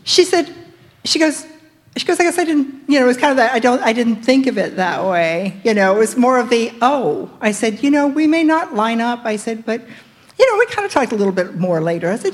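A woman's voice: on the high side, brisk. A middle-aged woman in a group discussion, animatedly telling a story and acting out the dialogue. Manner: animated, acts out quoted dialogue. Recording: long hall reverb.

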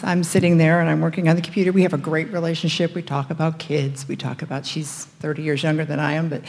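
A middle-aged woman in a group discussion, animatedly telling a story and acting out the dialogue. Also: lowish voice. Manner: animated, acts out quoted dialogue. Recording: long hall reverb.

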